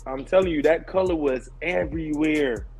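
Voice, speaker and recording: A man co-hosting a podcast, chatting casually with animated jokes and frequent swearing. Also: on the high side, moderate pace, faint music behind, low-quality recording. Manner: animated, joking, swears freely. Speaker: podcast co-host. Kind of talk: casual chat.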